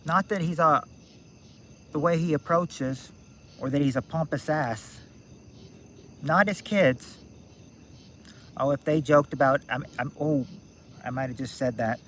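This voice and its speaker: A man's voice: on the high side, measured pace, pauses often, a bit bright, a little hiss or hum. A man of about sixty hosting a game-night stream, rambling and thinking aloud with many restarts. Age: 60s. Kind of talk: casual live-stream chat.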